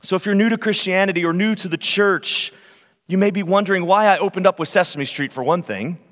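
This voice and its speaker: A man preaching a sermon from a church, his slightly raised voice ringing out in a long hall reverb. He tells stories earnestly and often falls to a soft, hushed delivery. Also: sits high, a little fast. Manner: earnest, storytelling, with hushed quiet passages. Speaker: pastor.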